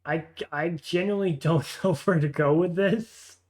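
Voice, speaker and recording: A man's voice: a little high, normal speed. Man, game master, tabletop narration, hesitant, lots of filler words. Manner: hesitant, many fillers and restarts.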